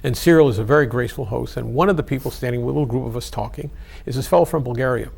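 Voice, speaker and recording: Hoarse, gravelly older man. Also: mid-range voice, very fast, darkish tone. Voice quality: gravelly, husky. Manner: anecdotal, chatty storytelling. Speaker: interviewee. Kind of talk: oral history interview.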